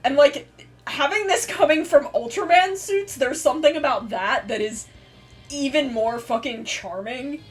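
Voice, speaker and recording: A woman streamer in casual chat, animated and swearing freely with many fillers. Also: high-pitched, measured pace, faint music behind.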